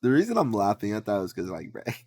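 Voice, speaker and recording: A man's voice: lowish voice, wildly swooping pitch, fast, a little mellow, dry recording, clean studio sound. A man hosting a stream, reacting to a video with blunt, profane, laughing mockery in casual chat.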